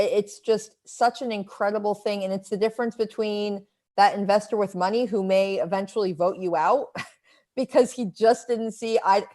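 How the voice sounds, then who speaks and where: A woman's voice: medium pitch, a little mellow. A woman hosting a live stream interview, speaking energetically with emphatic phrasing. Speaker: host.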